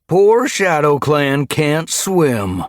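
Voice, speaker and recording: A man voicing a mocking tomcat guard who taunts in a high, loud voice. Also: big pitch swings, extremely slow, dry recording, studio quality, full character voice. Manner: taunting, sneering. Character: jeering, mocking tom guard cat.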